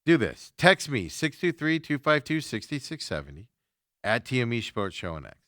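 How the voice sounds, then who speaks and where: A man's voice: medium pitch, sing-song, normal speed, bright, forceful tone, no echo, studio quality. A man hosting a sports talk show, chatting casually with lots of fillers as he reacts to viewer comments.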